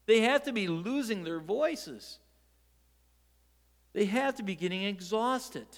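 A man preaching a sermon, telling the story in a lively way with rhetorical questions and light jokes. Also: high-pitched, slow, long reverb tail. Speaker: pastor.

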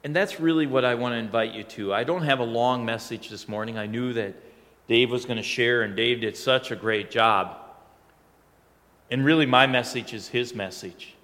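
A man's voice: medium pitch, normal speed, fairly bright tone, big-room sound. A male pastor preaching a sermon in a conversational, storytelling way that now and then swells into emphatic lines.

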